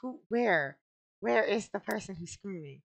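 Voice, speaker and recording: A woman's voice: medium pitch, animated, measured pace, vocal fry, no room sound. A young woman giving casual commentary as she plays a life-simulation game, often exasperated and talking back to it. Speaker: gaming video creator.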